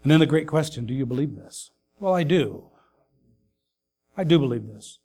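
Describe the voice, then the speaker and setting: A man preaching a sermon, earnest and grieving his mother, pausing with fillers and rising to emphatic calls. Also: fairly high pitch, expressive, a little mellow. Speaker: pastor.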